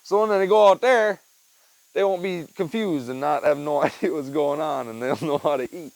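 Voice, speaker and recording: Speaking at a moderate pace in a somewhat high voice, a young man chats casually as he works on a chicken feeder. The wearable-mic audio is poor but has no echo, and he rambles in his backyard by the chicken coop and tool bench, often saying "dude" and "man."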